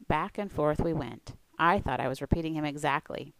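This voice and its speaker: A woman who coaches language learners, giving a scripted presentation in a clear, steady way. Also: deep voice, a little fast, few pauses, no echo, low-quality recording. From United States.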